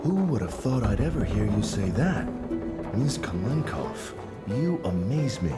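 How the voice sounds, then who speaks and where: A wry, sardonic adventurer from a video game, with a lowish voice that moves through a wide, lively range as he makes dry jokes. and clear game music plays behind his lines. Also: measured pace. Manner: dry, witty remarks.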